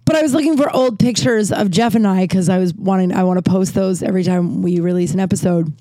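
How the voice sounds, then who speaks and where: A woman's voice: mid-range voice, quick pace, mellow, no echo. A woman hosting a solo podcast from her closet, rambling candidly and swearing freely. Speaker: podcast host. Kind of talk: casual solo podcast chat. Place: small closet.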